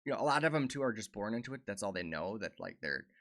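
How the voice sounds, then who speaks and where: A man's voice: lowish voice, sing-song, quick pace, a bit bright. A man in casual podcast chat, easygoing and hedging with "you know.".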